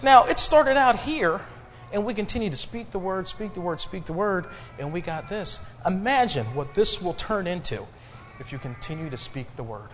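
Male preacher, fairly high, lively voice, call-and-response sermon, echoey church hall. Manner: preaching with rising emphasis and call-and-response pauses. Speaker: pastor. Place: church sanctuary.

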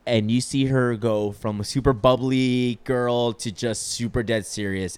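A man's voice: mid-range voice, steady tone, unhurried, clean tone, no echo. A young man telling a long story in casual chat, rambling with lots of filler words and swearing freely. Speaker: podcast storyteller.

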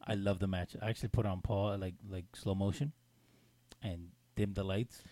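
A man's voice: low-pitched, fairly even intonation, normal speed, mellow, dry recording. A middle-aged man co-hosting a casual podcast, teasing and playful, tossing in Spanish exclamations. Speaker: podcast co-host. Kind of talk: casual wrestling podcast chat.

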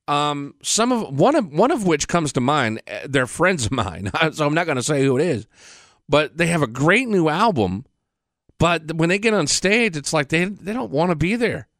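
Speaking at a moderate pace in a slightly high, sing-song, somewhat bright voice, a male radio host rambles loosely and profanely. It's captured dry and close on a radio studio mic.

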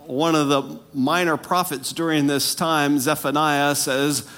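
Pastor guy with a high voice, slow deliberate sermon, jokey then hushed and intense. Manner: animated, self-mocking, drops to quiet intense tones.

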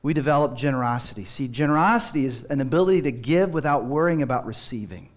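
A man's voice: medium pitch, quick pace. A man preaching a sermon as pastor, telling stories with humor and acting out children's voices.

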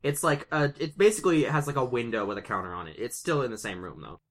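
A man narrating a tabletop game as game master, casual and halting. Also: mid-range voice, lively intonation. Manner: casual, halting, hesitant fillers.

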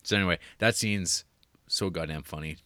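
A man's voice: deep voice, normal speed, bright, forceful tone, no echo, studio quality. A man co-hosting a podcast, chatting casually about a movie, rambling with fillers, restarts and laughs. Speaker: podcast co-host.

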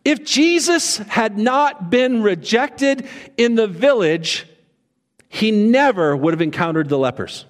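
A pastor delivers an unhurried sermon in a church, his voice sitting high for a man. He slips into little acted voices for comic effect. The hall rings with long reverb around him. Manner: animated, acts out quoted voices, conversational humor. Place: church sanctuary.

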